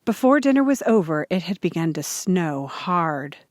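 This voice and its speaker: A woman reading a children's chapter book aloud in a steady, clear storytelling voice. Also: on the low side, moderate pace, dry recording, clean studio sound. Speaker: audiobook reader.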